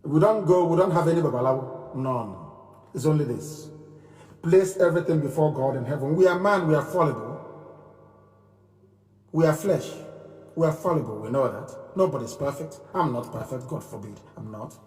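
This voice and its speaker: A man giving an impassioned live speech, repeating phrases in a preaching cadence and moving from loud declarations to low murmurs. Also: expressive, moderate pace, echoey room, long reverb tail, far from the mic. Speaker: movement leader giving a live broadcast.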